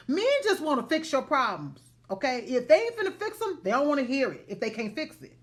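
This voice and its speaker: A woman's voice: high voice, sing-song, a little fast, few pauses. A woman giving emphatic relationship advice to the camera, often checking that her listeners follow.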